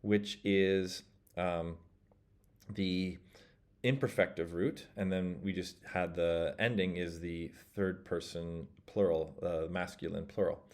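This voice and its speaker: Lower-voiced man teaching a language lesson. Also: flat delivery, a little mellow. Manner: explains step by step, models phrases slowly and leaves pauses for practice. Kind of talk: casual spoken language lesson.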